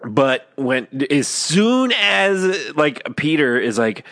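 A man co-hosting a podcast in casual chat, excitedly retelling movie scenes with lots of swearing and acted-out quotes. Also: fairly high pitch, slow, no echo. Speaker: podcast co-host.

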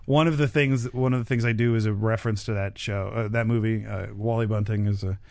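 A young male comic telling a long backstage story in a casual chat, with lots of fillers and animated bits. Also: on the low side, brisk, dry recording.

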